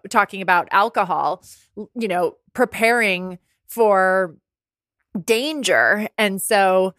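A woman's voice: medium pitch, fairly bright tone, no echo, studio quality. A woman in her forties hosting a podcast, talking candidly and casually, with the odd swear word. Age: 40s. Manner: candid and conversational, swears freely. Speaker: podcast host. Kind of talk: casual solo podcast talk. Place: apartment by the ocean.

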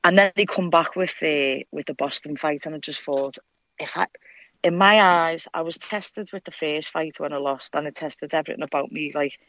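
A woman's voice: deep voice, moderate pace, fairly bright tone, dry recording, lo-fi sound. A young woman with a Liverpool Scouse accent telling stories bluntly and swearing freely in a casual interview. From Liverpool, England. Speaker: guest fighter.

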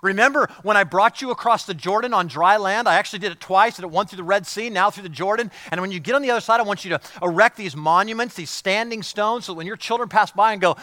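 High, bright-voiced male preacher. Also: normal speed, no room sound. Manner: passionate, repeats words, swings from loud to hushed. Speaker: pastor. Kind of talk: sermon.

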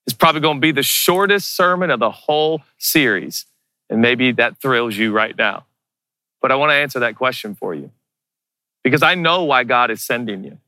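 A man's voice: mid-range voice, expressive, normal speed, bright, forceful tone, dry recording, studio quality. A male pastor preaching a sermon, emphatic, repeating rhetorical questions.

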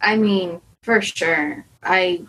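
A woman's voice: fairly low pitch, drawn-out words, a bit bright, a little hiss or hum, poor audio. A woman talking candidly in an interview as a karate student, anxious and rambling, often restarting and quoting her own worried thoughts. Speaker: karate student preparing for black belt.

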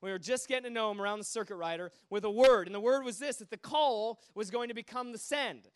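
A man preaches with a high, resonant voice. He tells his stories with animated energy, dropping to near-murmurs and then surging into loud bursts. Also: quick pace, clear, resonant tone. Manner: animated, swinging between hushed asides and loud bursts. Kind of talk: sermon storytelling.

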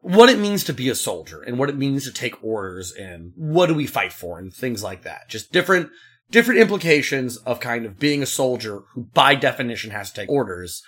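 A man co-hosts a casual podcast chat with a husky, slightly raspy voice. His pitch moves around a lot as he rambles loosely and cracks jokes. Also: very animated, fairly quick, fairly bright tone. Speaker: podcast co-host.

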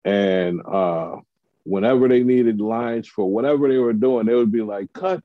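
Low-voiced man telling a story. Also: measured pace, no room sound, phone-quality sound. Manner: animated storyteller acting out quotes. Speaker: comedian and TV writer. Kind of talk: casual storytelling chat.

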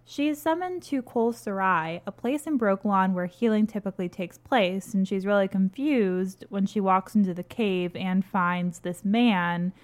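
A woman at a middle pitch, hosting a casual podcast in a relaxed, playful way. She walks the listener through story summaries in an easy, conversational tone. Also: moderate pace, hardly any pauses. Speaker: podcast host. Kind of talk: casual chat, book summary.

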